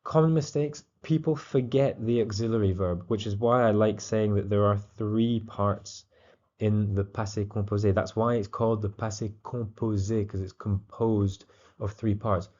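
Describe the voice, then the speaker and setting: Male tutor, calm explanatory delivery with frequent fillers, warm low voice. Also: moderate pace, highs cut off. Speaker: French teacher.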